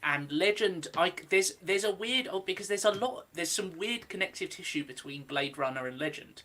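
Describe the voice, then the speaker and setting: Male co-host, bright, tense-edged tone, thoughtful and hesitant film talk. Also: high-pitched, expressive, normal speed. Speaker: podcast co-host. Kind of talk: casual film discussion on a live stream.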